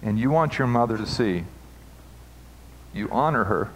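A man preaching as a pastor, moving from quiet reflection to emphatic, rising passages with playful asides. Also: on the low side, lively intonation, measured pace, slight background noise, rough recording. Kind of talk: sermon. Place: church sanctuary.

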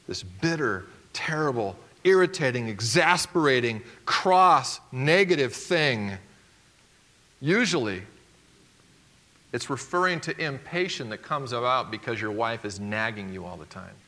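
A male pastor preaching a sermon, emphatic and swinging from loud declarations to hushed, quiet points. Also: medium pitch, lively intonation, measured pace.

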